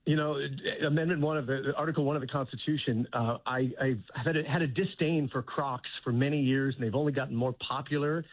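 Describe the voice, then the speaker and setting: A man calling into a radio show as a guest, telling a comic story in a mock-serious, deadpan way. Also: mid-range voice, a little fast, few pauses, no room sound. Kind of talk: phone-in interview, humorous. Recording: tinny phone line.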